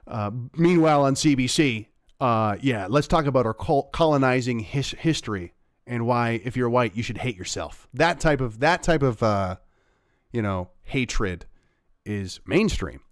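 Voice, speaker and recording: A man's voice: medium pitch, expressive, measured pace, no room sound. Man, livestream host, sarcastic, rambling, dry close sound. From Canada. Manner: sarcastic, rambling with fillers and laughs. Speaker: livestream host reacting to clips. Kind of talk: casual live commentary.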